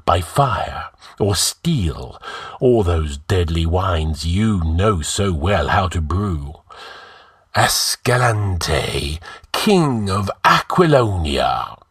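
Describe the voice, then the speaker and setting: A man's voice: sits low, big pitch swings, drawn-out words, a bit bright, husky, no echo, clean studio sound, exaggerated voice. A man voicing an arrogant, scheming male outlaw who gives orders in a commanding, scornful way.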